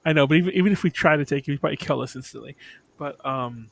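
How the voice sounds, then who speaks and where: Relaxed male player, a bit high-voiced, curses casually. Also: very fast, gravelly. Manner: loose, swearing, laughing. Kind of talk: casual tabletop play.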